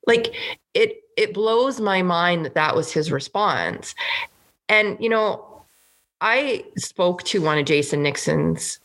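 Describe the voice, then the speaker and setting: A woman from Canada speaks in a low register with a gravelly, creaky texture. She sounds earnest and indignant in a loose political podcast conversation, leaning on "like" as she talks. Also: slow pace, fairly bright tone. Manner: earnest, indignant, lots of "like" fillers. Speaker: provincial legislator co-hosting a podcast. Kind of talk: casual political chat.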